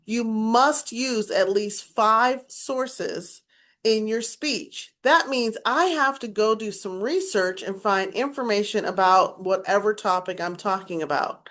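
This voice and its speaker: A woman's voice: medium pitch, slow, fairly bright tone. Woman lecturing as a speech teacher. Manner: instructive, emphatic, demonstrates vocal inflection. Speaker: speech instructor. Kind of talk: recorded class lecture.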